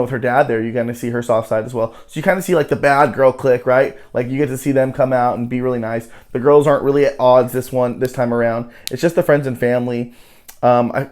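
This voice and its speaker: A man's voice: mid-range voice, a little mellow. A man hosting a casual reality-TV recap show, talking loosely with plenty of swearing and filler words. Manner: loose, profane, heavy on "you know" fillers.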